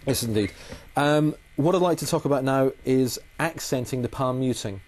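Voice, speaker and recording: A man's voice: mid-range voice, moderate pace, darkish tone, a little hiss or hum. Patient male guitar teacher. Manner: patient, methodical, repeats key phrases. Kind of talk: explaining guitar technique in a lesson.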